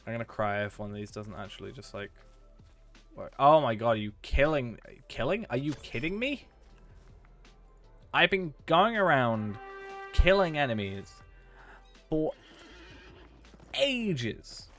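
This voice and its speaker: A man's voice: mid-range voice, sing-song, measured pace, pauses often, fairly bright tone, soft background music. Chatty young man streaming a game. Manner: chatty and self-mocking, with frustrated rants. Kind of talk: casual live-stream chat while gaming.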